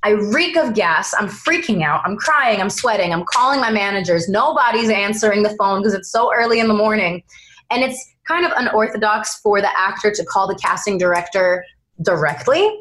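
A young woman, an actress being interviewed, telling dramatic anecdotes in a lively, animated way. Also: medium pitch, moderate pace. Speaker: actress guest.

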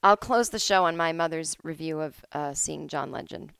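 A middle-aged woman hosting her own podcast from home, chatting casually with animated, sarcastic asides. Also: sits low, moderate pace, gravelly, smooth, no room sound. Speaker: podcast host. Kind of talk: solo casual chat.

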